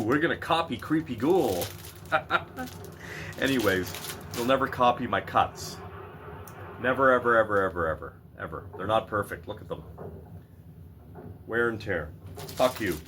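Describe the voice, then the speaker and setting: A man's voice: mid-range voice, a bit bright, slight background noise. A middle-aged man ranting in a blunt, profane way in a vlog, laughing at himself now and then. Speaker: vlogger.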